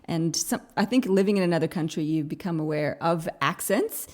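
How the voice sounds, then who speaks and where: A woman's voice: deep voice, brisk. A woman from Canada hosting a podcast interview, introducing her guest with enthusiastic emphasis. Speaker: podcast host.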